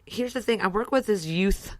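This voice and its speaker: A woman's voice: medium pitch, moderate pace, dry recording, studio quality. A middle-aged woman co-hosting a casual podcast, telling rambling stories full of swearing and restarts. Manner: profane, rambling storyteller with many restarts. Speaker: podcast co-host.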